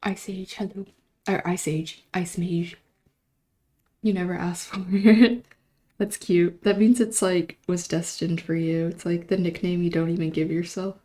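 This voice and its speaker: A young woman talks casually to her stream, rambling and poking fun at herself. Her voice sits a touch low, and her throat is still slightly sore. The delivery is loose, full of asides. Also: fairly even intonation, unhurried, mellow. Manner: rambling, chatty, self-deprecating. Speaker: livestream host. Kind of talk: casual chat.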